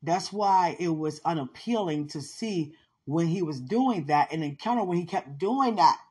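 A woman with a husky, slightly low voice hosts a spiritual podcast, speaking fervently to her listener. She laughs often and bursts into exclamations as she testifies. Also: animated, moderate pace, darkish tone. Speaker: podcast host.

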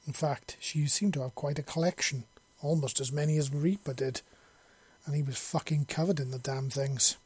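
A man narrating a story in a steady, measured audiobook reading. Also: fairly high pitch, slightly rough, no echo.

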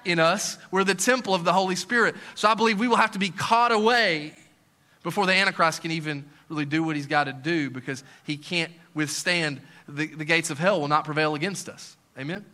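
A middle-aged male pastor preaching a sermon, swinging from soft, intimate lines to loud, excited ones with joking asides. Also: a little high, fairly quick.

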